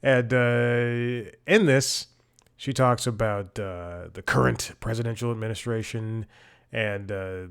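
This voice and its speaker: A man's voice: on the low side, steady tone, takes it slowly, creaky, clear, resonant tone. Rambling male podcast host. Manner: rambling, self-correcting, chuckling asides. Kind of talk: casual podcast intro.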